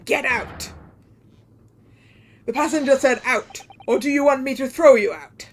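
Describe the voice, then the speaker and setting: A woman voicing a gruff, bearded male passenger who shouts threats. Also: sits high, slow, slight background noise, full character voice. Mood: angry. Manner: loud, threatening.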